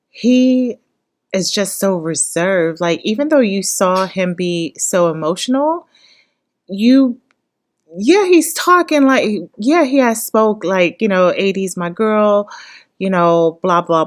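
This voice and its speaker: A woman giving casual, emotional reaction commentary on a reality show, recapping scenes and breaking into loud exclamations and cursing. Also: medium pitch. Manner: emotional, exclaims loudly, curses, shifts from hushed recap to excited outbursts. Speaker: reaction vlogger.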